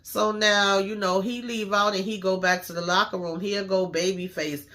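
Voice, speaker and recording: Man host, fairly high bright voice, slangy and emphatic, casual episode recap. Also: fairly even intonation, moderate pace. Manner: slangy, emphatic storytelling with many fillers.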